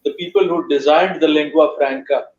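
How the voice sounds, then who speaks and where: A man's voice: on the high side, normal speed, a little mellow, slight background noise. A man in a casual online voice chat, talking in formal, wordy phrases with many hesitations. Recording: echoey, muffled voice chat audio.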